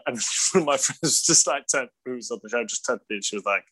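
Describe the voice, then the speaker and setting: Bright-voiced English man, rambling chat. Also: mid-range voice, fast, rough recording. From Britain. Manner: rambling, full of "like" and restarts, laughs often. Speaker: actor guest. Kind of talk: casual interview chat.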